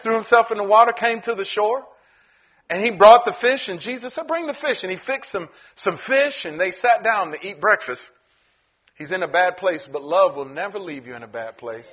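Preacher guy, high voice all over the place, dull lo-fi sound. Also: breathy edge. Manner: animated, acts out voices in the story. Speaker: pastor. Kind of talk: sermon.

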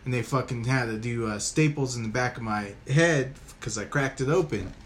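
A podcast host rambles through a story in casual chat, swearing freely. He speaks at normal speed with a medium-pitched voice.

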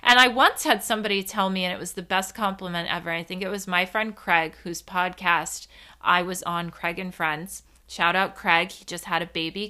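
Bright, forceful woman hosting a solo podcast; bouncy, tangent-prone, laughs through awkward moments. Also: fairly low pitch. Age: adult. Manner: animated, rambling, giggles when uncomfortable. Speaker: podcast host.

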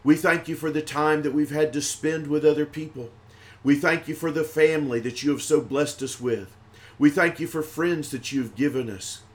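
A man preaching a livestreamed praise and thanksgiving sermon, his voice sitting a little high. He talks in rhythmic, repeated exhortations and grows louder on the lines of praise. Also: moderate pace.

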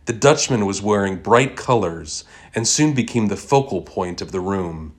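A man with a somewhat low voice reads a short story aloud. His narration is steady and measured, with calm pacing from sentence to sentence. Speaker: story reader. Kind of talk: scripted narration.

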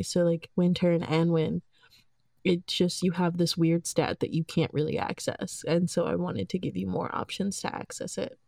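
A woman's voice: fairly low pitch, vocal fry, warm tone, no room sound, studio quality. A woman game master in a casual podcast chat, talking hesitantly with many fillers.

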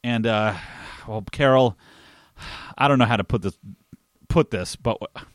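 Male podcast co-host, casual recap chat, animated, dry close mic. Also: mid-range voice, a little slow, no room sound. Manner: animated, acts out quoted lines.

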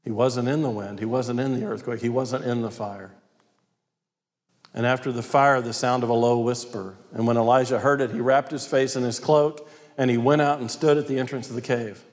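A man's voice: mid-range voice, steady tone, moderate pace. A male preacher retelling a scripture story in an emphatic, storytelling sermon. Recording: long hall reverb.

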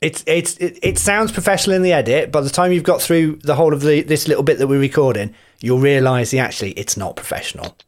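A man's voice: fairly high pitch, fast talker, few pauses. A man hosting a casual podcast chat, introducing guests with a laugh. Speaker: podcast host.

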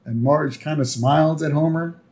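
A man's voice: on the high side, moderate pace, darkish tone. A man casually narrating a cartoon episode as a podcast co-host, acting out short quotes. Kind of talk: casual episode recap chat.

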